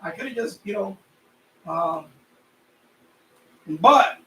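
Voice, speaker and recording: Chatty high-voiced man in an echoey room. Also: lively intonation, slow pace, a bit bright, a little hiss or hum. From Puerto Rican family, raised in New York. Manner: rambling, chatty, repeats himself. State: sweaty from the heat. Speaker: radio hobby live streamer. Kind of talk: casual live-stream chat. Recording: echoey room, voice a bit far off.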